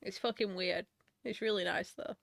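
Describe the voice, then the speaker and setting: A woman's voice: mid-range voice, steady tone, normal speed, vocal fry, fairly bright tone, no room sound. A woman chatting casually and laughing easily. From Northern England. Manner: giggly, easygoing. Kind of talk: casual chat.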